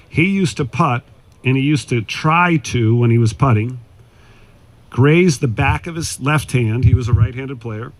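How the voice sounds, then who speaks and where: A former tour golfer, a man, giving putting advice in a casual, anecdotal storytelling way, speaking outdoors at a golf club. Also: mid-range voice. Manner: anecdotal, acts out quoted dialogue.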